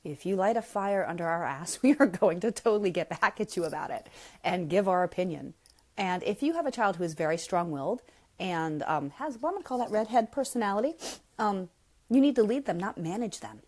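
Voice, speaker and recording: A middle-aged woman hosting a live parenting question-and-answer chat, talking in a blunt, frank and emphatic way and reading out viewer comments. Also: a little fast. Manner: animated, with sudden jumps up in pitch. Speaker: parenting coach host.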